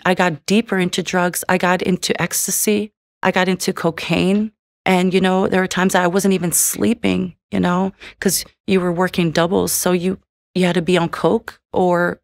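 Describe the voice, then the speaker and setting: A woman's voice: on the low side, vocal fry, dry recording, studio quality. A woman sharing her personal faith testimony in a church, telling her story in an earnest, heartfelt way. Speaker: testimony speaker.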